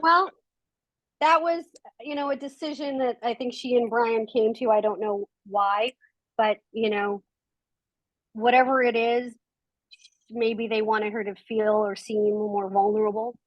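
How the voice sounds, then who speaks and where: A woman's voice: a little high, steady tone, a little slow, no echo, highs cut off. A woman guest on a podcast, a documentary filmmaker, telling reflective anecdotes in casual conversation. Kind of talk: casual interview chat.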